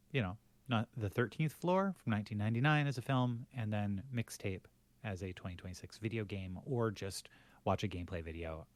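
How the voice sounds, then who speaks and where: A man co-hosting a podcast in casual chat, rambling with many fillers and restarts. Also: deep voice. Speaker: podcast co-host.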